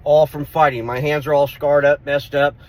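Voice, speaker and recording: A middle-aged man telling a street fight story in a casual vlog, rough-spoken, swearing and repeating himself as he goes. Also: fairly high pitch, level tone, normal speed, darkish tone. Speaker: vlogger.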